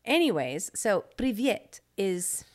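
A woman's voice: mid-range voice, big pitch swings, slow pace. A middle-aged woman co-hosting a casual faith podcast, teasing and laughing easily as she chats. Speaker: podcast co-host. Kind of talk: casual chat.

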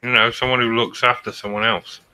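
A man's voice: medium pitch, flat delivery, brisk, sharp tone, clear, resonant tone, poor audio. A man with a British accent joining a podcast chat, cheeky and joking about himself. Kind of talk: casual chat.

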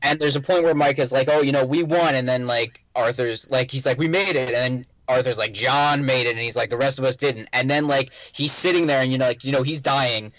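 A man's voice: medium pitch, brisk, few pauses, a bit bright, no echo, lo-fi sound. A man in a casual video game chat who tells stories emotionally with lots of fillers. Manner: emotional, filler-heavy storytelling. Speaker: podcast co-host.

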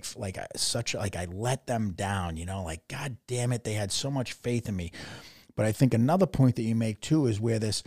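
A young man with a deep, slightly husky voice recounts his army days in loose, profane podcast chat. The sound is close and dry. He jumps into bits of other people's dialogue as he goes. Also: dry recording. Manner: profane, animated storytelling, acts out quotes. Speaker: army veteran guest. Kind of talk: casual podcast conversation.

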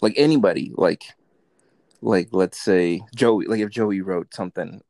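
A man's voice: deep voice, a little slow, darkish tone, no room sound. A man talking as a guest on a podcast in casual, rambling chat, full of "like" and "bro" and swearing. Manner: rambling, laid-back, swears, says like and bro.

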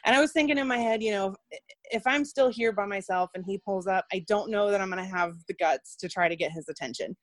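Talking fast in a mid-range voice, a nurse on as a guest shares a personal story casually, animated and imitating the people she quotes. There is no echo.

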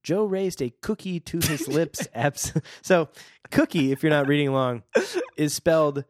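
A man co-hosting a casual podcast, reading a book aloud and chatting with lively laughter. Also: on the high side, normal speed, no echo. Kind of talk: casual chat and read-aloud.

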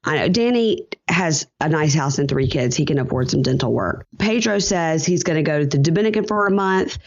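A woman's voice: low-pitched, lively intonation, a little fast, lo-fi sound. A woman hosting a podcast, recapping a reality show in casual, chatty talk, laughing often and acting out quotes. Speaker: podcast host.

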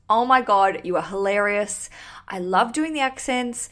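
A woman from Australia, hosting a podcast in a chatty, animated way. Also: mid-range voice, measured pace. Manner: chatty, animated, swears casually. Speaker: podcast host. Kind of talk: casual podcast chat.

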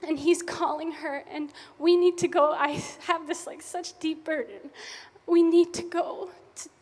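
Heartfelt high-voiced woman in a reverberant church. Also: steady tone, a little slow, a little mellow. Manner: heartfelt and emotional storytelling. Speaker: missionary. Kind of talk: personal testimony. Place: church sanctuary.

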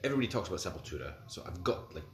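His low voice swings widely in pitch and moves very fast. A casual music podcast co-host in his forties, he rambles hesitantly with lots of fillers and restarts, heard in a roomy recording with faint hiss behind it.

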